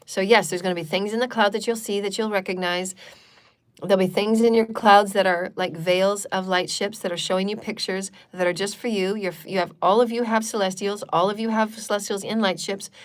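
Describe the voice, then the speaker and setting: A woman's voice: mid-range voice, fairly even intonation, fairly quick. A woman hosting a live channeled spiritual talk, speaking in repetitive, chant-like affirmations and loose, chatty asides. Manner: chatty and loose, with frequent fillers.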